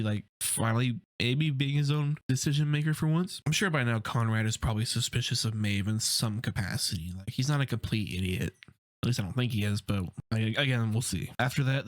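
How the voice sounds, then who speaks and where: A man hosting his own film channel, retelling a TV episode in a loose, casual way, with lots of "like" and quick stabs at the characters' voices. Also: medium pitch, dry recording.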